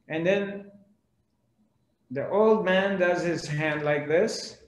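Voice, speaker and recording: Man spiritual teacher, slow dramatic parable, slightly high voice, roomy echo. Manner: slow, dramatic storytelling with pauses. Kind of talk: storytelling discourse.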